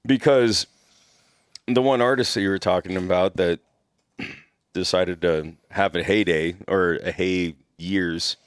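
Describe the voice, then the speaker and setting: A man, a former executive protection agent, telling stories in a casual podcast chat, animated, laughing and swearing freely. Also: sits low, unhurried, clear, resonant tone, no room sound, studio quality.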